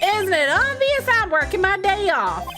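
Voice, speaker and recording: A woman voicing a goofy, excitable young man who talks loud and boastful, over game music. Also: very high-pitched, measured pace, pitched above the performer's own voice, exaggerated voice. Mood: excited.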